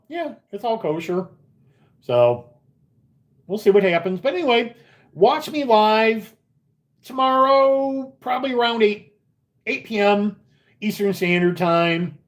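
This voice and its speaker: Middle-aged guy rambling on a live stream from a casino, swears a lot, voice jumps all over. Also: sits high. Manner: animated, swearing storyteller. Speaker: slot channel host. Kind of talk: casual live-stream chat. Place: casino upstairs area.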